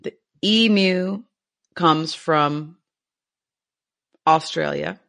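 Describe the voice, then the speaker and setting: A woman's voice: sits low, very slow, creaky, fairly bright tone. A woman co-hosting a casual animal podcast, chatty and enthusiastic, laughing often. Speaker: podcast co-host.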